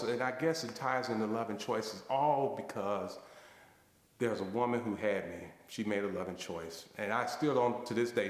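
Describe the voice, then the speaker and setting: Emotional man telling his story, echoey hall. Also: fairly low pitch. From United States. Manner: emotional, halting storytelling with restarts. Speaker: guest speaker at a fundraising banquet. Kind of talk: personal testimony.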